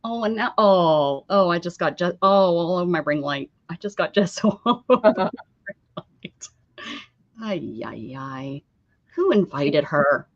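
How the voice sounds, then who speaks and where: A woman's voice: fairly low pitch, expressive, moderate pace. A woman hosting a craft livestream, chatting casually with viewers, laughing often and greeting them by name. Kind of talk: casual chat while crafting. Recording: dull lo-fi stream audio.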